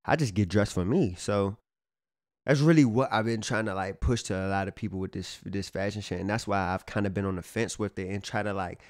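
A man's voice: lowish voice, a little fast, no echo, studio quality. Laid-back, profane young-sounding man vlogging. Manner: laid-back, profane slang-heavy street talk; filler-heavy, repeats "you know what I'm saying". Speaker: fashion vlogger. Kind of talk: casual talk to camera.

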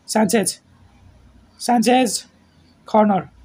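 A man calls a football match play by play in a high voice. He talks slowly and keeps it terse, mostly just naming players as the ball moves. At the big moments he shouts. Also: breathy edge. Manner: terse name-calling play-by-play, shouts at goals. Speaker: football commentator.

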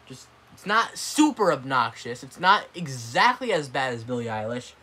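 A man's voice: medium pitch, sing-song, moderate pace, sharp tone, husky. A man venting in a blunt, dismissive rant, swearing and getting worked up, recorded on a tablet at home. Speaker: vlogger. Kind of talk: ranting video commentary. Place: apartment room. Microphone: tablet microphone.

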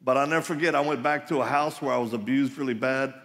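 Gravelly man preaching in a big hall. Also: medium pitch, steady tone, fast, a bit bright. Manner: emphatic, joking, storytelling. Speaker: conference speaker. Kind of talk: live sermon with personal storytelling. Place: large conference hall. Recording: reverberant live hall.

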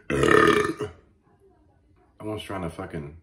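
Profane ranting man, low voice. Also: normal speed, heavy background noise. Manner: profane, mock-outraged, animated storytelling. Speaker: comedy podcast host. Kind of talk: crude comedic rant. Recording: echoey room.

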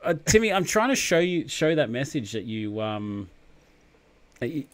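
A man's voice: mid-range voice, very animated, normal speed. A man with an Australian accent hosting a casual live chat, rambling through stories with many fillers and frequent laughs. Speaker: host of a live chat show.

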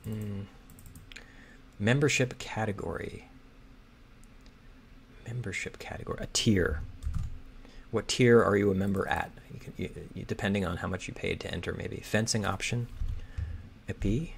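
Man, gravelly voice, slow hesitant muttering, faint keyboard clicks and hiss behind. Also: lowish voice. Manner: muttering, hesitant, reads clues aloud slowly. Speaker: crossword solver. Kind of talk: thinking aloud while solving. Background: keyboard typing and clicking.

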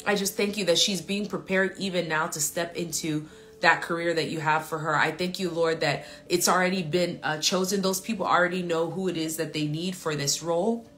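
A woman's voice: fairly low pitch, steady tone, fairly quick, fairly bright tone. A woman leading a live prayer stream, praying aloud in an earnest, repetitive way with loose fillers, then chatting with her viewers. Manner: earnest, repeated appeals and declarations, loose with fillers. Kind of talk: spontaneous spoken prayer and chat with viewers.

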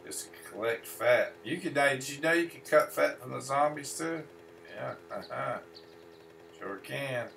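A man's voice: mid-range voice, lively intonation, a little slow, vocal fry, fairly bright tone, distant mic, slight background noise. A man giving casual gameplay commentary, grumbling and swearing to himself as he plays. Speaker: gameplay streamer.

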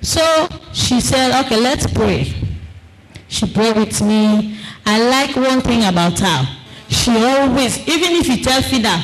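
A woman giving a personal testimony to a congregation in an earnest, storytelling way, acting out the quoted dialogue and slowing down for emphasis. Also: a little high, animated, poor audio. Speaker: testifying church member.

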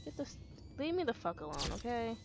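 A woman's voice: on the high side, big pitch swings, fairly quick. Annoyed lady gamer venting and cussing, background noise going. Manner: exasperated, swearing, slangy. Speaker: gaming channel host. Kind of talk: let's play commentary.

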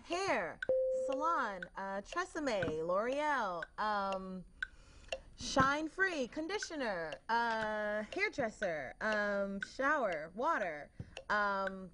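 A woman from New York, a game show contestant, answering hesitantly with many ums. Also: mid-range voice. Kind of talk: answering quiz prompts. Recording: noisy background.

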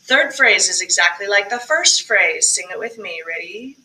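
Recorded alone for a virtual choir practice, this woman leads the rehearsal in a medium-pitched, bright, forceful voice, animated yet at a moderate pace. She explains diction and breathing, breaking up her coaching with short sung demonstrations. Audio quality is poor.

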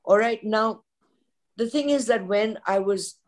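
A woman's voice: mid-range voice, a little slow. An older woman with an Indian English accent, a veteran news journalist speaking frankly on a podcast panel. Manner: forthright, opinionated storyteller.

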